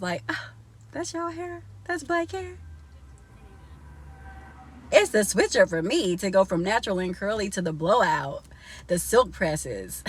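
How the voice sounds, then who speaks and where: A woman's voice: fairly low pitch, husky. A young woman vlogging casually from inside a car, chatty and laughing often as she talks to her viewers.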